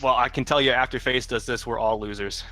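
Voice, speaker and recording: A man's voice: medium pitch, steady tone, fairly quick, pushed and bright. A man co-casting a live-streamed tournament, with teasing, matter-of-fact remarks. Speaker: esports tournament co-caster. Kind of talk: casual live-stream commentary.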